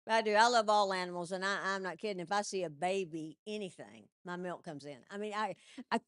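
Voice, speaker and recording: A woman comedian telling animated stand-up stories into a stage mic and laughing at her own jokes. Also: mid-range voice, fairly quick, clear, resonant tone, no room sound, studio quality.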